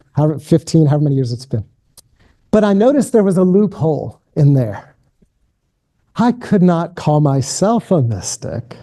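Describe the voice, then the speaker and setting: Man, middle-aged, spiritual director, gentle, self-deprecating, fairly high voice, very mellow tone. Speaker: keynote speaker and spiritual director. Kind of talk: guided contemplative prayer, then lecture.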